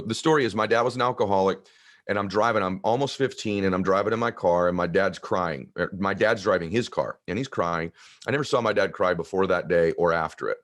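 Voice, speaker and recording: Man, fifties, deep low voice, earnest and heartfelt, guest telling personal stories. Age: 50s. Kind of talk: personal storytelling in a conversation.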